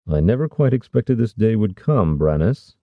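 A man doing a sly scheming old lord, gravelly. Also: on the low side, big pitch swings, normal speed, no room sound, lo-fi sound, pitched above the performer's own voice. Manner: scoffing, wry, conspiratorial. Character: sly scheming older male lord, amused.

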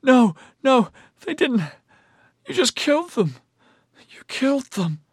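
A male audiobook narrator voicing a terrified young woman who sobs and whimpers in a breathy, trembling voice. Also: very high-pitched, big pitch swings, takes it slowly, no echo, studio quality, pitched above the performer's own voice, full character voice. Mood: distraught. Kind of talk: audiobook character voice.

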